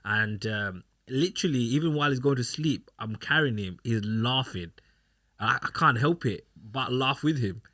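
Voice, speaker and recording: A man's voice: medium pitch, lively intonation, normal speed, pushed and bright. A young man co-hosting a casual podcast chat, rambling through anecdotes and acting out what others said. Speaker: podcast co-host.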